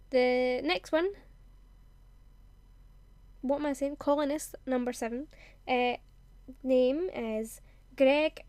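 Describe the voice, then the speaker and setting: A woman's voice: high voice, a little mellow, dry recording. A young woman hosting a gaming video, reading character bios aloud, giggling and tripping over words. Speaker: gaming channel host.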